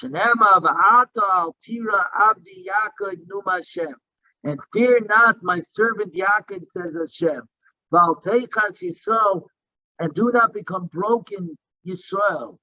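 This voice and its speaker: Man, Talmud teacher, high voice, reads Aramaic then translates, dry muffled recording. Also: a little slow, no echo. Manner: chants Aramaic then explains in English. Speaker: rabbi teaching daily Talmud class. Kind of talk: Talmud lesson, reading and translating.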